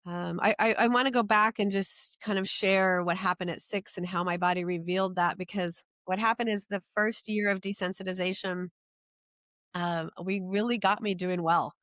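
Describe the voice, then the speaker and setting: A woman's voice: mid-range voice, fairly even intonation, normal speed, a bit bright, dry recording, studio quality. An older woman, a podcast guest, telling her story in an earnest way that tumbles along with many restarts. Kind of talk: personal storytelling in an interview.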